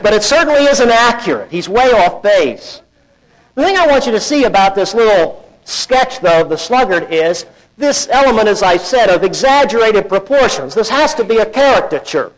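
A man preaching a sermon in a conversational, folksy way, acting out quoted voices with big swings in loudness. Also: normal speed, rough recording. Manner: animated, acts out quoted voices with big swings in pitch and volume. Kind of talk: expository sermon.

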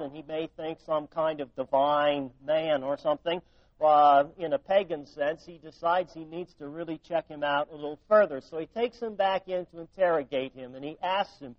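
A man preaching a sermon, sinking to hushed tones and then rising to loud, emphatic passages. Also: fairly high pitch, no echo, highs cut off. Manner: dynamic preaching, drops to near-whispers and rises to loud emphasis. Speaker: pastor.

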